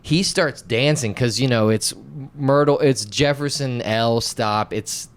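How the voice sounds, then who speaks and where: Smooth-voiced man telling a story. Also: medium pitch, measured pace. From North Carolina. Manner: animated, self-mocking, swears, acts out quotes. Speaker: podcast co-host. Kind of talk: casual storytelling chat.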